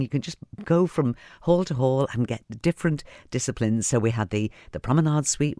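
A man presenting festival highlights in a relaxed, chatty way, pausing on fillers between items. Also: no echo, clean studio sound. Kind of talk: casual presenting.

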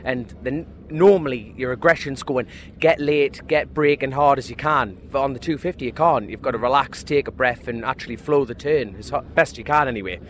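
A man's voice: medium pitch, a little fast, few pauses, slight background noise. A man who races motorcycles talks after practice in a cheeky, joking way, laughing as he tells stories. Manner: cheeky, jokey, laughing storyteller. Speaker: motorcycle racer. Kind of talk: post-practice interview. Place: outdoors at a race paddock.

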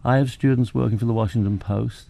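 Gravelly older Englishman telling stories. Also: mid-range voice, steady tone, fast, warm tone, no echo. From England. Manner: anecdotal, acts out quoted dialogue, self-deprecating. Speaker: photographer and Harvard professor. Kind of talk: relaxed interview storytelling.

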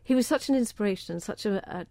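Talking fast in a medium-pitched, slightly mellow voice, a middle-aged woman with a southern English accent is interviewed about her organic food campaigning. There's no room sound in the recording. She's from southern England and speaks with chatty enthusiasm about the cause, often repeating words as a thought begins.

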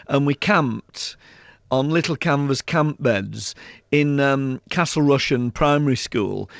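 Guy, author spinning funny school stories, gravelly voice, dry sound. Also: medium pitch, no room sound. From South Yorkshire, England. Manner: lively raconteur, acts out children's voices, laughs often. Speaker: author and guest. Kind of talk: anecdotal storytelling in an interview.

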